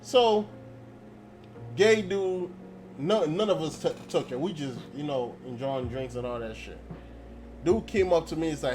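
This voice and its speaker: A man's voice: on the high side, animated, unhurried, pauses often, background noise. A young man telling a story in a blunt, profane casual rant, acting out quoted dialogue. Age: young adult. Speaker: channel host. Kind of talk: casual ranting monologue.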